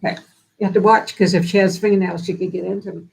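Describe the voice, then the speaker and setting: A down-to-earth woman talks casually on a live stream, giving practical care advice in an earnest, homespun way. She restarts and repeats bits of sentences as she works out her thoughts. Her voice sits at a middling pitch for a woman. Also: steady tone, quick pace, vocal fry, rough recording. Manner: repeats and restarts phrases while thinking aloud.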